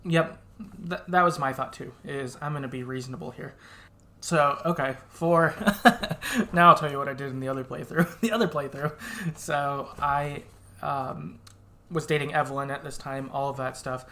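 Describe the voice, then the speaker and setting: A man's voice: mid-range voice, fairly even intonation, moderate pace, bright, forceful tone. A man co-hosting a podcast, chatting casually and laughing often as he recaps a game and acts out its quoted lines. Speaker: podcast co-host.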